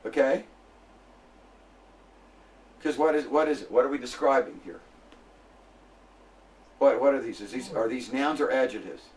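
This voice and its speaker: A man lecturing a classroom, slowly spelling out sounds and checking in with his students. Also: medium pitch, darkish tone, distant mic.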